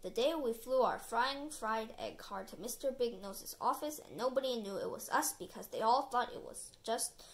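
A woman reading a children's chapter book aloud as the storyteller, with expressive narration. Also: fairly high pitch, moderate pace, hardly any pauses.

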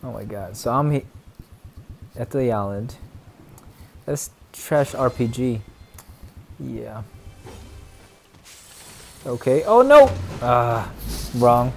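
A young man giving excitable, chatty commentary while streaming a shooter game, dropping to mumbles and then bursting out loud. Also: mid-range voice, takes it slowly, creaky, pauses often. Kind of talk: live gameplay commentary.

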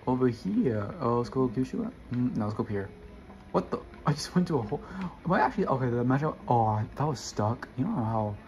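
Gravelly young man rambling over gameplay. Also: mid-range voice, animated, brisk, a little mellow. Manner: rambling, self-correcting, addresses viewers. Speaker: gamer. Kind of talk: casual gameplay commentary.

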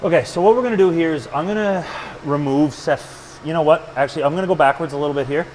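A man's voice: a little high, quick pace, a little mellow, slight background noise, rough recording. A man presenting a hands-on storage build in a lab, talking casually and joking between steps with rambling asides. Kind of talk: casual hands-on tech demo. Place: server lab.

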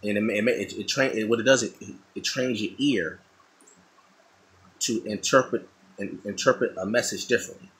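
A man's voice: fairly low pitch, moderate pace, a bit bright, low-quality recording. A middle-aged man talking casually and thoughtfully, often repeating and restarting his phrases. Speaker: artist talking while drawing. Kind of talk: casual monologue.

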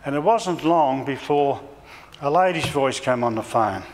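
A man's voice: mid-range voice, expressive, a little slow. An older Australian man, a cattle farmer and lay preacher, giving a sermon with rambling, homespun stories and frequent self-corrections. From Central Queensland, Australia. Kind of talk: sermon with folksy personal stories. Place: church. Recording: church reverb, faint background noise.

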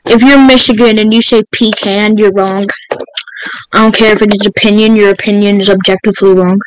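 A man's voice: sits high, level tone, brisk, slight background noise, rough recording. A male podcast co-host chatting casually, joking around and rambling. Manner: goofy, joking, rambling with lots of "bro" and "like". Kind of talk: casual chat.

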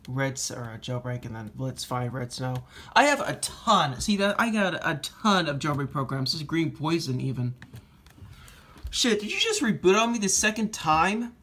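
A man giving casual commentary while demoing phone hacks, rambling and profane, quick to blow up into shouting. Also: fairly high pitch, slight background noise. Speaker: iPhone jailbreak tinkerer. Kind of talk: casual screen demo commentary.

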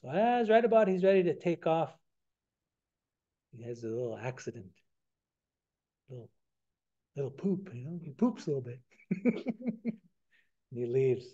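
A man retelling a traditional story in a relaxed, conversational way during a talk, on a dull lo-fi recording. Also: a little high, moderate pace, long pauses. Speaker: storyteller and science lecturer.

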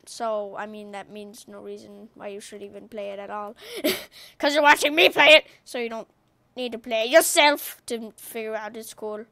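A woman giving excited gaming commentary as a YouTuber, trash-talking playfully with loud outbursts. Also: fairly high pitch, normal speed, vocal fry, dry recording.

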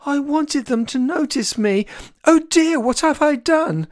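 A reader voicing a crafty, fretful little female chick in a storybook, with a high, chirpy voice and a breathless, pleading way of talking. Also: huge pitch swings, takes it slowly, vocal fry, a little mellow, exaggerated voice. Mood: panicked. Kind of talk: storybook character voice.

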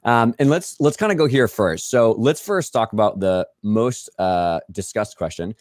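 A man's voice: on the low side, expressive, moderate pace, no echo, studio quality. An American man hosting a podcast, chatting casually and upbeat with a guest, with plenty of fillers and laughs. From United States. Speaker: podcast host.

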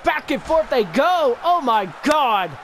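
A man giving excited play-by-play commentary on a wrestling video game match, often shouting and exclaiming. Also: extremely high pitch, slow. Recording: noticeable background noise.

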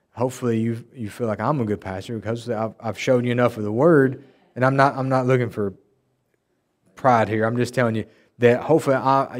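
A male pastor delivering an emphatic, animated sermon in a church and acting out the people he quotes. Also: mid-range voice. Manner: emphatic, animated preaching with mocking quoted voices. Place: church sanctuary.

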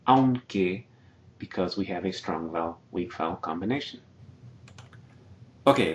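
Low-voiced man teaching a language lesson. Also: slight background noise. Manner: patient, explanatory, repeats each word slowly. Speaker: Spanish teacher. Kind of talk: slide-based video lesson.

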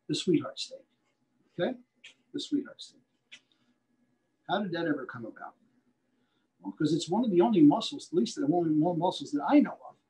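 Folksy butcher teaching, says "okay?" often. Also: male voice, sits high, darkish tone, poor audio. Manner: folksy, repeats himself, asks "okay?" often. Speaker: butcher instructor. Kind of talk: live cutting demonstration.

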